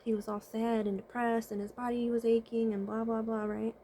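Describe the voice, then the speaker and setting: A woman with a slightly raised voice speaks straight to her viewers in a relaxed advice monologue. She fills pauses with soft "mm-hmm" hums and keeps asking questions. A faint noise sits under her speech. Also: fairly high pitch. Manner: asks many rhetorical questions and checks in with listeners; hums "mm-hmm" often while thinking aloud. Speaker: vlogger and spiritual consultant. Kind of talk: casual advice monologue to camera.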